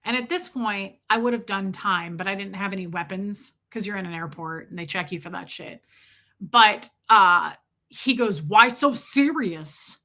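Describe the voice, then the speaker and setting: A woman hosting a casual livestream, reading out viewer comments and telling stories in a profane, animated way. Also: medium pitch, fairly quick, hardly any pauses. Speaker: livestream host.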